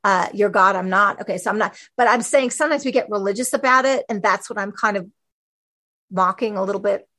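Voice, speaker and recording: A woman giving a conversational Bible teaching on a podcast, animated, with fillers and quick asides. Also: mid-range voice.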